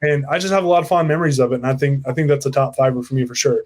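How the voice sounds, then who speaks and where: A man's voice: medium pitch, very fast. A young man from the United States co-hosting a casual chat, telling stories in a loose, rambling way. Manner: relaxed, rambling storyteller. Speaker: co-host.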